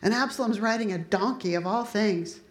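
A woman delivers a sermon, telling the story with lively energy and voicing the people in it. Her voice sits at an ordinary middle pitch. The room around her is echoey. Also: moderate pace. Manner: animated storytelling, acting out characters' lines. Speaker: preacher. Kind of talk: sermon retelling a Bible story.

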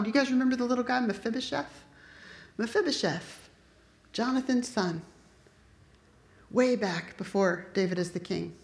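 A woman preaching a sermon, retelling a Bible story in an animated way and acting out the characters' lines. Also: medium pitch. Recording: echoey room.

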